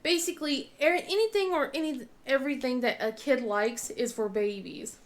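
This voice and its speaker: A woman in her thirties talks casually as she crafts, her voice sitting a little high. She rambles, restarts her sentences often and acts out what others said. Her mouth is sore while she speaks. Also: moderate pace. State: mouth in pain. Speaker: vlogger and crafter.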